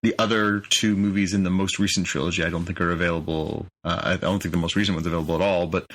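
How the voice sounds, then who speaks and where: A man co-hosting a podcast in casual chat, calmly reading bits of news articles aloud. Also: low-pitched, fast talker. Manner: relaxed, reads from articles aloud. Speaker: podcast co-host.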